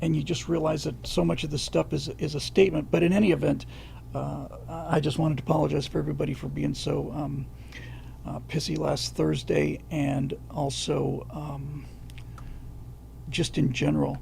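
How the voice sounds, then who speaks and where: Gravelly, a little mellow, and slightly high with little pitch movement, this middle-aged man hosts a laid-back livestream over a faint hiss or hum. He reads viewers' comments and questions aloud, his speech halting and packed with fillers and restarts.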